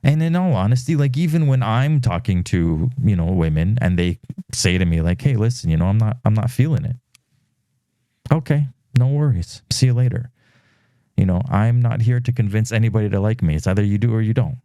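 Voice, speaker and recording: A man's voice: on the low side, a little fast, no echo, clean studio sound. A podcast host, a man, tells a dating story in a casual monologue, acting out quoted messages with plenty of fillers. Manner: animated storytelling, acts out quoted texts; frequent fillers.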